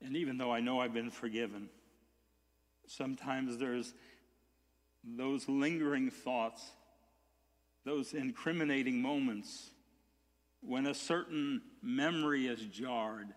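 A man's voice: medium pitch, slow, pauses often. A male pastor preaching an earnest sermon, with stammered restarts that swell into emphatic peaks. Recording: long hall reverb.

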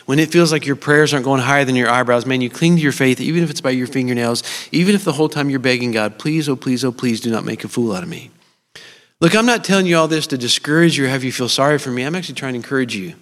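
Speaking at a church service, a middle-aged man races through his sermon with few pauses, his mid-range voice a bit bright. He preaches earnestly, telling personal stories and adding touches of humor, while the large hall produces a long reverb.

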